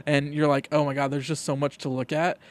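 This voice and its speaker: A young man chatting on a podcast, his voice sitting a little high for a guy. The sound is dry and close with no room around it. He tells stories in a loose, rambling way and often repeats words mid-thought. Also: little pitch movement, a little fast, dry recording. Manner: storytelling, repeats words while thinking. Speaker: podcast co-host. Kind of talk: casual chat.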